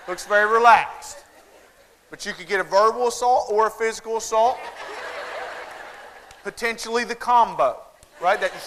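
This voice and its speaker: Lively, bright-voiced Southern man telling stories. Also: sits high, a little hiss or hum, poor audio. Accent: Southern American. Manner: folksy, animated, addresses the crowd directly. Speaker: keynote conference speaker. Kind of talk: humorous storytelling keynote. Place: large conference hall before a crowd.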